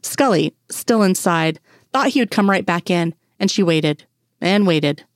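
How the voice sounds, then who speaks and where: A woman narrates fan fiction in a steady, even manner. Her voice sits somewhat low for a woman. The recording is dry and close with no room sound. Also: measured pace, dry recording. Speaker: audiobook reader.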